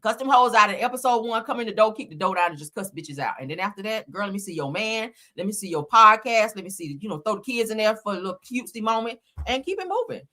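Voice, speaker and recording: Bright-voiced sassy gossip host woman. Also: medium pitch, animated, fast talker, few pauses. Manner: sassy, chatty, calls audience girl and honey. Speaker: live show host. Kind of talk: casual gossip chat.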